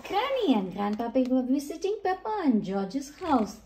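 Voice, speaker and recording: A woman reading a picture book aloud to children in a slow, sing-song manner. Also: sits high, big pitch swings, noisy background. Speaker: storybook reader. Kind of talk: children's read-aloud narration.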